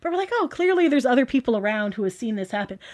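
A woman from the Toronto area, talking in a casual, gushing way that is packed with "like" and acted-out quotes. Her voice sits a little high. She tells her story to an interviewer. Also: big pitch swings, racing. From Toronto area, Canada. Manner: chatty, gushing, full of "like" and quoted dialogue. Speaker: guest.

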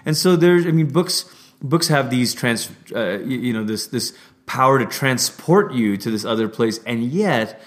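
A man's voice: mid-range voice, lively intonation, moderate pace. A man hosting a casual interview, thoughtful and restarting his phrases often.

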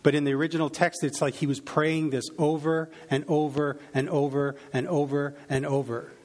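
A man's voice: fairly high pitch, level tone, normal speed, a little mellow. A man preaching, reading a Bible passage aloud and reflecting on it, with frequent fillers and restarts. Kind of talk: sermon reading and teaching from scripture.

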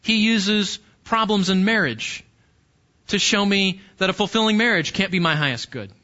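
A male pastor with a high, bright voice delivers a sermon, teaching through a passage with earnest explanation and frequent rhetorical questions. The recording sounds a little dull and muffled. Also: moderate pace.

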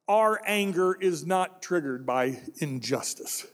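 In a church sanctuary, a male pastor preaches an emphatic, direct sermon, repeating his main points and putting rhetorical questions to the congregation. His voice is high for a man, expressive, and a little slow, with a long reverb trailing each phrase.

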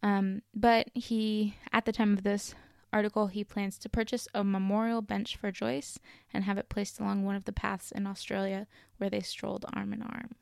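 A woman co-hosting a casual podcast, telling a story with chatty, giggly asides and frequent apologies. Her voice has a gravelly fry but stays smooth and clear underneath. The sound is close and dry. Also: medium pitch, flat delivery, normal speed, hardly any pauses, dry recording. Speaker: podcast co-host.

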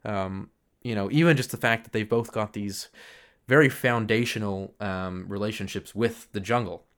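Low-voiced thoughtful man. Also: normal speed, fairly bright tone, clean tone. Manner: thoughtful, hesitant, many ums. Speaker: podcast co-host. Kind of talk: casual film podcast chat.

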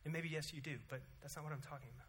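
A man in his thirties preaching a sermon in a church, animated, rising loud for emphasis and dropping quiet to pray. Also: racing, slight background noise. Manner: animated, rises loud and high for emphasis, then drops to quiet prayer. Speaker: pastor. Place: church sanctuary.

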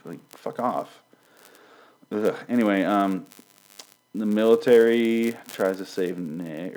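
A man's voice: deep voice, darkish tone, low-quality recording. A man giving a rambling, sarcastic recap of a TV episode, swearing a lot and acting out the characters' lines. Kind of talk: casual profane recap.

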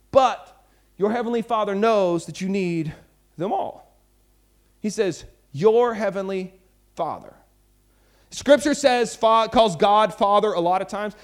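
A man preaching a sermon to a youth conference as pastor, emphatic and repetitive, moving between quiet close remarks and loud urgent lines. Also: high voice. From Texas. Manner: emphatic, repeats lines for effect, shifts from intimate to loud.

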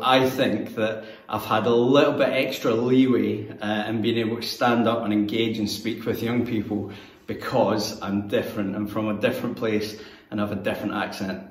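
A Scottish man in his thirties, a church youth leader, giving a relaxed, conversational, self-deprecating sermon. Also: medium pitch. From Scotland. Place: church hall. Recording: echoey room, mic at a distance.

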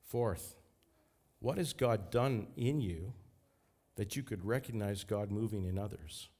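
A man's voice: lowish voice, measured pace, darkish tone. A man preaching a sermon as pastor, fervent and emphatic.

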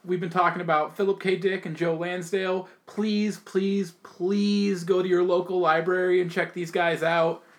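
A woman's voice: fairly low pitch, fairly even intonation, normal speed, hardly any pauses. A woman co-hosting a podcast, wrapping up in a bubbly, playful casual chat. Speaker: podcast co-host.

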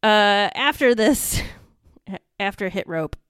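An easily amused woman co-hosts a podcast in casual chat. Her voice is smooth and clear and moves around a lot in pitch, recorded close and dry. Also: lively intonation, takes it slowly, a bit bright, dry recording. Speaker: podcast co-host.

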